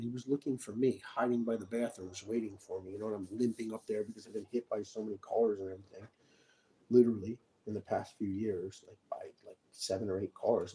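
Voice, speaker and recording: Man, vlog monologue, mellow warm tone, meandering asides, drifts into quiet mutters. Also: fairly low pitch, rough recording. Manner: meandering, talks to the viewer with many asides. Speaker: vlogger. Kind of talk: rambling personal monologue to camera.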